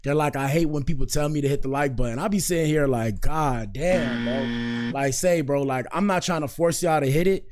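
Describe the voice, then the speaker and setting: A man's voice: a little high, fast, hardly any pauses, noisy background. A man hosting a casual commentary show, joking around and rambling as he talks straight to his viewers. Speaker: host.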